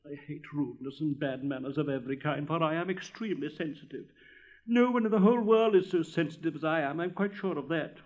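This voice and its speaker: A man's voice: fairly high pitch, a little fast, lo-fi sound, close to an everyday voice. Man doing a vain, pompous talking firework. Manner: haughty, self-pitying, theatrical.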